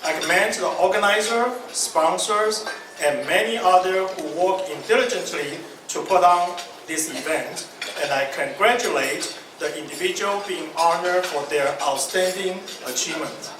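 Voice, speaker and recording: A man's voice: high-pitched, measured pace. A man speaking as a guest speaker at an awards ceremony, reading a prepared letter. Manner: reads from a prepared letter, light joking asides. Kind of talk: formal ceremony speech. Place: large banquet hall. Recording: echoey banquet hall, distant mic, noisy.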